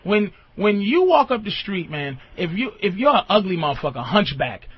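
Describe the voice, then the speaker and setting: Man, radio host, lively swooping delivery, blunt and profane, muffled broadcast sound. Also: high-pitched, normal speed, slightly rough. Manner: blunt, profane, animated storytelling. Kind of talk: call-in advice talk.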